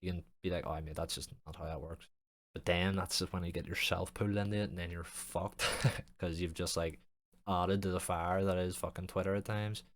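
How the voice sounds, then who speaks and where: A young man hosting his own podcast with a very deep voice. He talks in long, loose, jokey rambles and swears almost every sentence. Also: little pitch movement, a little fast. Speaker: podcast host and streamer. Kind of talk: casual podcast chat.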